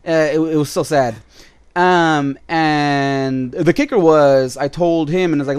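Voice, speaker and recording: A man's voice: a little high, fairly even intonation, slow pace, smooth. A man vlogging casually, telling stories in a flippant, rambling way with asides to his viewers. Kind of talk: casual storytelling to camera.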